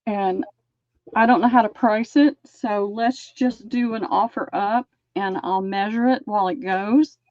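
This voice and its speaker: A woman hosting a live-stream sale, chatting and describing lace items slowly. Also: medium pitch, fairly even intonation, darkish tone, no echo, muffled recording.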